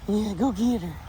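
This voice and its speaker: A man working as a dog trainer outdoors beside a car. He gives an upbeat training demonstration and praises the dogs in a high sing-song voice. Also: dark tone, a little hiss or hum.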